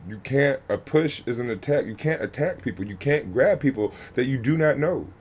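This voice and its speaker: Heated male youth coach, emphatic and angry, repeats his points, mid pitch. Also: animated, moderate pace, a little mellow, breathy edge. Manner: emphatic, repeats himself, swears; angry and worked up. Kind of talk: heated reaction commentary.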